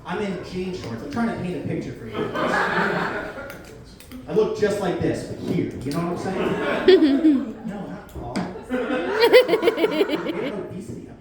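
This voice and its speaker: A man's voice: high voice, measured pace, long pauses, distant mic. A man performing a stand-up comedy set, telling a story with acted-out quotes. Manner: animated storytelling, acting out quotes. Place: beer garden stage before a live crowd. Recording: echoey venue, mic heard from afar, crowd laughter.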